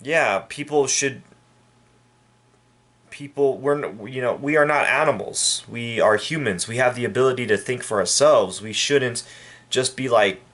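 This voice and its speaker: A man from El Paso, Texas, giving a rambling, halting and indignant opinion rant to his viewers. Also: medium pitch, fairly bright tone. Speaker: vlogger. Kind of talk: casual opinion rant to camera.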